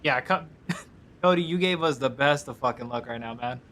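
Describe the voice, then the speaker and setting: A man streaming a video game, commenting casually and excitedly with constant swearing. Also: mid-range voice, moderate pace, slight background noise.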